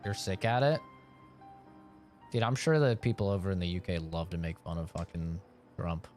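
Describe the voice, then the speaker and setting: A man's voice: sits low, steady tone, normal speed, a little mellow. A young man chats casually on a game stream and riffs on his viewers' requests. He is loose and jokey, laughs often and swears freely. Faint music sits under his voice. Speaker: gaming streamer. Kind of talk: casual live-stream chat, reading chat requests.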